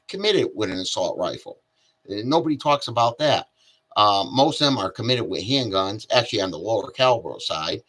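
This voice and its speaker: A man giving casual political commentary alone, halting often with fillers and restarts. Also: fairly low pitch, fairly bright tone. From Connecticut.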